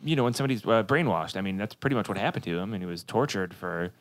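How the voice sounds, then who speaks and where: A man's voice: lowish voice, lively intonation, rapid-fire. A man co-hosting a casual podcast chat, laid-back, laughing often and swearing casually. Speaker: podcast co-host.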